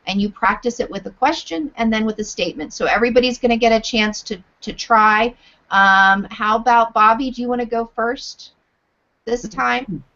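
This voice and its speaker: A woman teaching yoga teacher trainees over a video call, giving clear, deliberate instructions. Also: a little high, a bit bright, muffled recording. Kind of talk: live online teacher training.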